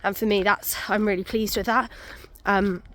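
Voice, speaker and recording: A woman vlogger talking casually to the camera in a relaxed, chatty way with frequent ums. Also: medium pitch, moderate pace.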